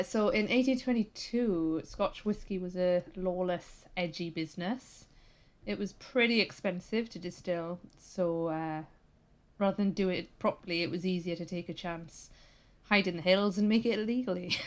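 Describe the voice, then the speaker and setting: A woman co-hosting a podcast, telling a history story in a lively, amused way. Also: lowish voice, normal speed. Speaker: podcast co-host. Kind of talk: casual history chat.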